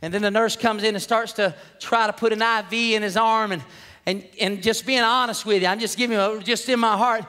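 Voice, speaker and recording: High, bright-voiced man preaching. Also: steady tone, brisk. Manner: earnest, emotional storytelling. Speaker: pastor. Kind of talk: sermon. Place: church sanctuary. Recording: long church hall reverb.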